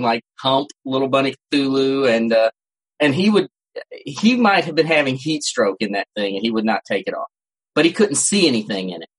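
A podcast co-host tells stories in casual chat, rambling and restarting frequently. His mid-range voice has a fairly bright tone, and the audio is poor, from a home setup with a cat nearby.

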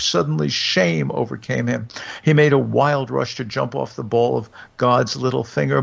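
A man reading a story aloud in a measured storytelling manner. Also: mid-range voice, vocal fry. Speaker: audiobook reader. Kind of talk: storybook narration. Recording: dull lo-fi recording.

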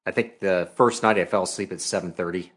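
Easygoing man with a lowish voice. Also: fairly even intonation, fairly quick, a bit bright, slightly rough. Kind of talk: casual chat.

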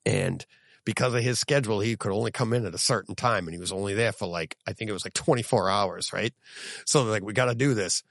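A man's voice: fairly low pitch, quick pace, creaky, no room sound, studio quality. A man co-hosting a podcast, chatting casually and telling stories with plenty of laughs and restarts. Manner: animated storytelling with laughs and restarts. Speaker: podcast co-host. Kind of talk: casual chat.

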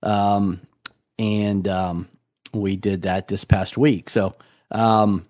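Relaxed hesitant man chatting. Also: on the low side, very slow. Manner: relaxed, hesitant, lots of ums and restarts. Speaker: podcast co-host. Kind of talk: casual chat.

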